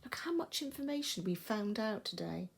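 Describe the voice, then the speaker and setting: A woman's voice: medium pitch, expressive, moderate pace, vocal fry, husky. A woman with an English accent, a primary school teacher, giving a recorded lesson and explaining patiently and expressively.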